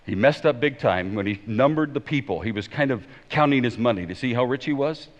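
A man preaching a sermon as pastor, emphatic and swinging between loud declarations and hushed pleading. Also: medium pitch, expressive, a little fast. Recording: dull sound in a long-reverb hall.

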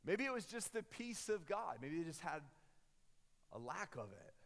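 A young man preaching a sermon, telling a story in an animated way and rising loud and high at the big moments. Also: moderate pace, gravelly. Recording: long hall reverb.

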